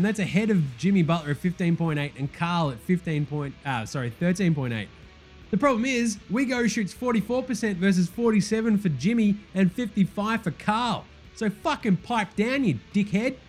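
An Australian man with a notably high voice rants through a comedic sports podcast. He is blunt, sweary and sarcastic, with faint guitar music playing underneath. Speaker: host.

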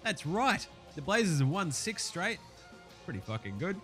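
A man with an Australian accent and a hoarse, sore throat, chatting casually as a podcast host and swearing freely. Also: high-pitched, very animated, fairly bright tone, faint music behind. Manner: brisk, swearing, slangy chat.

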